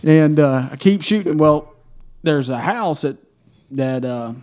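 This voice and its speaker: A man, co-hosting a casual podcast and telling an animated hunting story, swearing and laughing as he goes. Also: on the high side, measured pace. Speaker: podcast co-host.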